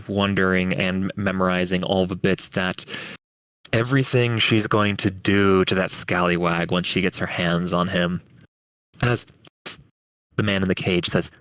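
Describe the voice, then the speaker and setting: Low-voiced male game master, dry close mic, halting. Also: fairly bright tone, smooth, no room sound, rough recording. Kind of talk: narrating a tabletop game.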